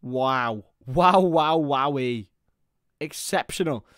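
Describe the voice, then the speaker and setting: A man giving live football commentary, chatty with listeners and bursting into shouts at chances and goals. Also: medium pitch, slow pace, no echo, clean studio sound.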